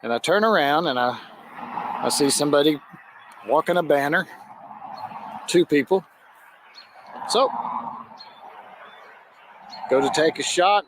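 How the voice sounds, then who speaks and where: A man recounting a photographer's moment at a parade, hesitant and emotional as he tells it. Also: on the high side. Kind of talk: recorded interview clip. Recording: clip with clear background noise.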